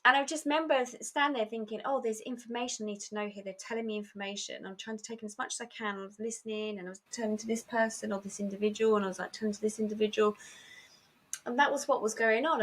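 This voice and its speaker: A woman's voice: medium pitch, a bit bright. A woman, a guest on an interview podcast, telling a personal story vividly, acting out remembered dialogue with many fillers and restarts.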